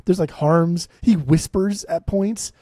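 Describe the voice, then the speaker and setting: A man in his late thirties co-hosting a podcast, sarcastic and profane, tossing off quick dismissive quips. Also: sits high, mellow, no room sound, clean studio sound. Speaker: podcast co-host. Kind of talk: casual podcast chat, ranking albums.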